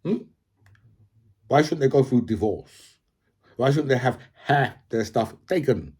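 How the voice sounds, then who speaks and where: Man, husky, loose off-the-cuff commentary, heavy "right?" habit. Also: medium pitch, lively intonation, a little slow, darkish tone. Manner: rambling, says "right?" constantly. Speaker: video commentator. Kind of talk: casual opinion monologue.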